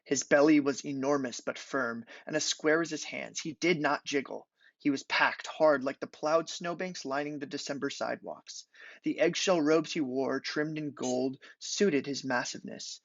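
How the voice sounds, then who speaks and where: A young man reading aloud from his own literary prose thesis at a measured, deliberate pace. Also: on the high side, creaky, dry recording. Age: young adult. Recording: dull lo-fi recording.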